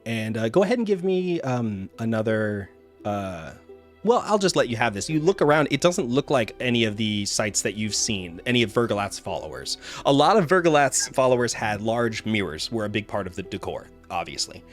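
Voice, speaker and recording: Low-voiced man narrating as game master. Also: sing-song, normal speed, soft background music. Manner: rambling narration with many fillers.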